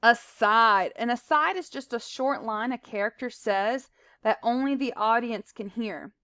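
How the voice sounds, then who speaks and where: A woman's voice: on the high side, a little slow, fairly bright tone, no echo, studio quality. A woman teaching a recorded lesson, explaining terms plainly with fillers and asides.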